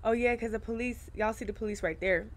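A woman's voice: on the high side, quick pace. A woman streaming a game and talking to her viewers in casual slang, laughing often. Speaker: gaming streamer.

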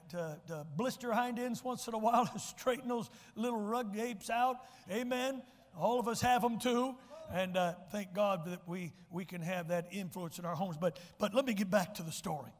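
A man's voice: high voice, moderate pace. A man preaching a sermon as pastor, folksy and emphatic, often repeating words as he restarts. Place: church sanctuary. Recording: church hall reverb.

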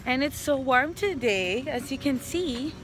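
Young woman, family vlogger, high-pitched, soothing with her kids. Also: animated, a little slow, a bit bright, faint music behind. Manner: talks to her small children in a soothing, coaxing way. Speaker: vlogger and mother. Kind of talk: casual family vlog chat.

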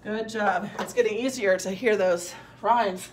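A woman's voice: mid-range voice, fairly even intonation, a little slow, a little hiss or hum. A woman teacher giving a recorded phonics lesson to young children, patiently sounding out words and praising answers.

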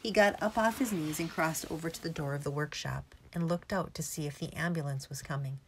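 A woman narrating a children's novel in a steady, expressive reading voice. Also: low voice, brisk, slight background noise. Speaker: audiobook narrator. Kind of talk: storybook narration.

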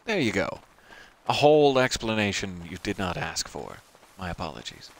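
A man's voice: sits low, very animated, normal speed. A man giving casual let's-play commentary, rambling with self-deprecating asides. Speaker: gameplay commentator.

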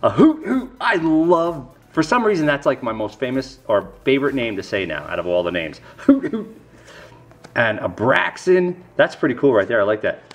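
Excitable middle-aged man. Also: medium pitch, moderate pace, hardly any pauses. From New York. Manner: excitable, exclaims over each card. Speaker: YouTube host. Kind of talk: casual unboxing vlog.

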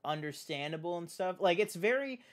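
Higher-voiced dude hosting a movie podcast, gushing and swearing, says like a lot. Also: male voice, normal speed. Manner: animated, profane, heavy use of "like". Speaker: podcast host. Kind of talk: casual film chat.

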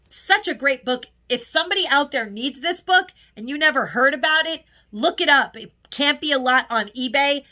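A woman's voice: high-pitched, sharp tone. A woman chatting casually in a haul video, gushing and emotional, sometimes close to tears. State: tearful at times. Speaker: haul vlogger.

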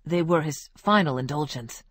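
A humble male cafe owner, as a woman reads him, talks in a solemn, reverent way. The voice is a little low and sounds dry and close, with no room around it. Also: normal speed, fairly bright tone, husky, no echo.

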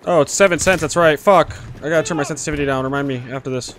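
A man giving live gameplay commentary as a streamer, excitable, swearing a lot and yelling at enemies. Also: fairly high pitch, very fast, slight background noise. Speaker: gaming streamer.

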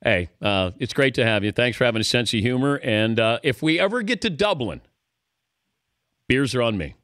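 A man's voice: mid-range voice, animated, normal speed, fairly bright tone, dry recording. A man hosting a radio interview in a studio, joking and friendly with his guest. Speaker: radio show host.

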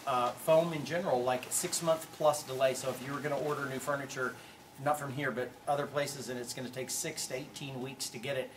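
A man's voice: mid-range voice, fairly even intonation, a little fast, distant mic, noisy background. A man hosting a casual live sales walkthrough in a furniture warehouse, chatty and listing prices. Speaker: store host showing furniture.

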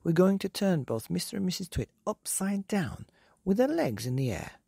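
A man voicing a clever, excited father monkey who gives eager commands. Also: sits high, normal speed, vocal fry, husky, no room sound, studio quality, pitched above the performer's own voice, exaggerated voice. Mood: urgent.

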